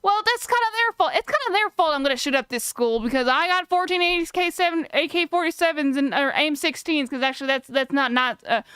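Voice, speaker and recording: A woman's voice: high voice, quick pace, few pauses, fairly bright tone, dry recording. A woman voicing a rambling, gun-obsessed Texan character with a put-on Texas accent and a boastful drawl. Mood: defiant.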